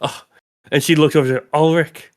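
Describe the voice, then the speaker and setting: A man's voice: mid-range voice, normal speed, dry recording, clean studio sound. A man running a tabletop game as game master, narrating scenes with wry, playful asides.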